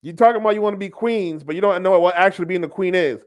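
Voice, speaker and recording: A man's voice: high voice, very fast. A man hosting a reaction commentary, blunt and mocking, often laughing at what he reads. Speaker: podcast host.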